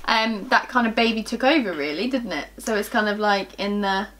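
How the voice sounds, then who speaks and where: A woman's voice: medium pitch, moderate pace, a bit bright, a little hiss or hum. A young woman, chatting casually on a vlog, giggling and trailing off with ums. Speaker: vlogger. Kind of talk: casual chat.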